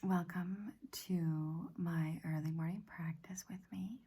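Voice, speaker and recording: A middle-aged woman hosting a reflective self-help talk, speaking softly and often in a half-whisper, gentle and halting. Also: lowish voice, steady tone, husky. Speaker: self-help practice host. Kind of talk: soft-spoken personal reflection.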